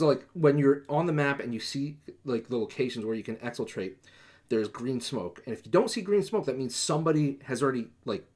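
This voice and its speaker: A young man hosting a podcast, telling a long rambling gaming story in casual chat, full of fillers and swearing, acting out quoted lines in a livelier voice. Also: medium pitch. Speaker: podcast host.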